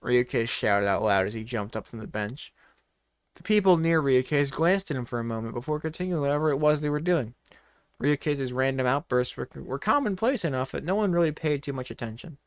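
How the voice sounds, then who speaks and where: A man's voice: medium pitch, expressive, fairly quick, no echo, studio quality. A man reading a comedic story aloud in a playful, mock-dramatic way, breaking off for joking asides.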